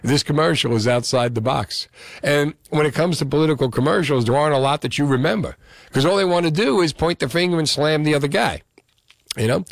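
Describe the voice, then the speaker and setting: A man's voice: on the high side, a little fast, gravelly, no echo, clean studio sound. A man hosting a call-in radio show, chatting and joking with listeners. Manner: lively, animated, joking with callers. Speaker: radio host.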